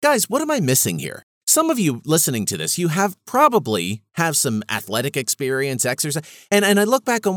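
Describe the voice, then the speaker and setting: A man's voice: fairly high pitch, huge pitch swings, fairly quick, hardly any pauses, a bit bright, no room sound, studio quality. A man hosting his own show, telling a story in a casual, self-mocking monologue. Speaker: podcast host.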